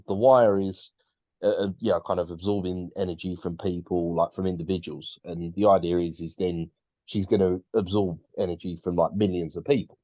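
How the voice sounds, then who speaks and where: A man with a low-pitched voice co-hosts a podcast, chatting casually and rambling with many restarts. The recording is dull and dry, with no room sound.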